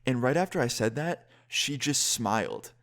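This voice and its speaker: A young man casually telling a personal story as a vlogger, lively and quick, with some swearing. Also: mid-range voice. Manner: lively, fast-paced retelling with swearing.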